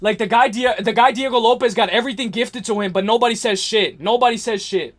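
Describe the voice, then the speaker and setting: A young man with a high-pitched voice hosts a livestream. He rants heatedly about fights, swears a lot and repeats his points, and his voice rises into yelling at times. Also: fast talker. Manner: ranting, repetitive, profane, yelling at times. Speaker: livestream host.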